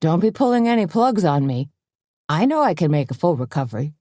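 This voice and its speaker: A woman's voice: deep voice, very animated, fairly quick, mellow, no room sound, studio quality. Woman voicing a goofy, slangy dim-witted man. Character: dim-witted drawling man with a broken leg.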